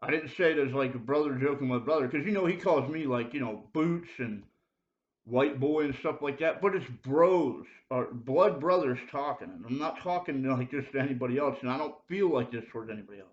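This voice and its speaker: A man's voice: mid-range voice, fairly quick. A man giving a rambling confessional monologue to camera, full of fillers and urgent appeals to the listener. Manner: rambling, heavy fillers like dude and bro. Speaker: self-made video preacher. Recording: roomy, dull lo-fi sound.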